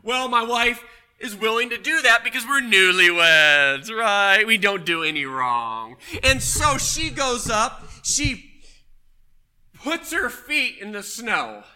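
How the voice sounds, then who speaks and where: A man preaching a sermon, telling a personal story with emphatic, loud punches. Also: sits high, sing-song, slow pace, smooth. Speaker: pastor.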